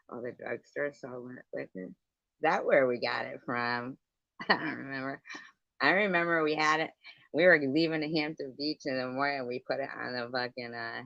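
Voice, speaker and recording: A woman's voice: very deep voice, fairly bright tone, dry recording. A middle-aged woman hosting a livestream, telling stories in casual chat and answering viewers, laughing often and swearing freely. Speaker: livestream host. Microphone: computer mic on a livestream. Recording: dry, dull lo-fi stream audio.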